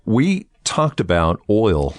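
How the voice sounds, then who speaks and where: A man with a very deep voice leads the talk with questions. He keeps a casual, conversational tone. The recording is dry and close. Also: huge pitch swings, takes it slowly, dry recording. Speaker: podcast host and interviewer. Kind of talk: financial podcast discussion.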